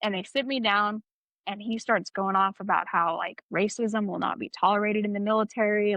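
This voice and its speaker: Young woman podcast co-host, blunt profane storyteller, bright tone with heavy vocal fry. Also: mid-range voice, fairly quick, no room sound. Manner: candid, profane, animated storyteller. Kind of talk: casual storytelling chat. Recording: slightly dull, dry sound.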